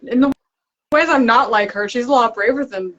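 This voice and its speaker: A woman's voice: on the high side, moderate pace, a bit bright. A young woman, an author, chatting casually and laughing often on a live video chat. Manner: giggly, chatty. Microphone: video call. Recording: lo-fi livestream audio.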